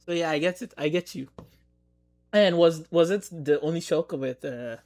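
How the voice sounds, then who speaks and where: A man's voice: a little high, moderate pace, darkish tone. A man hosting a podcast in casual conversation, supportive and agreeable, often backing his guest with short affirmations. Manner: supportive, lots of mm-hmms and agreement. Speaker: podcast host.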